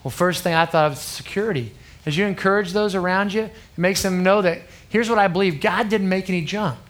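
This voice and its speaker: A man's voice: sits high, brisk, fairly bright tone. A man in his thirties preaching to a youth group, earnest and conversational, often checking in with the crowd. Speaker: youth pastor.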